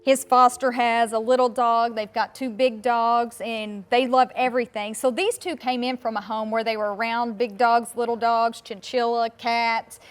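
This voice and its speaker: A woman's voice: fairly high pitch, level tone, moderate pace, few pauses. A woman with a Southern accent, a rescue volunteer answering interview questions plainly. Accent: Southern American. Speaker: guest, dog rescue volunteer.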